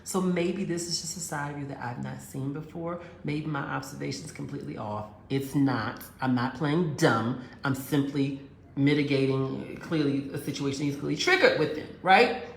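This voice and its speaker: A woman's voice: deep voice, moderate pace, vocal fry, a little hiss or hum. A woman telling a relationship story and giving advice straight to her listeners, acting out both sides of the conversation. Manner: direct, addresses listeners as girls and honey. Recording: roomy echo.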